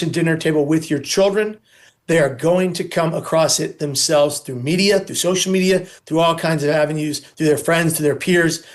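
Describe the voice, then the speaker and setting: A man speaking as an interview guest on suicide prevention, earnest and emphatic, stacking points into insistent lists. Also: fairly high pitch.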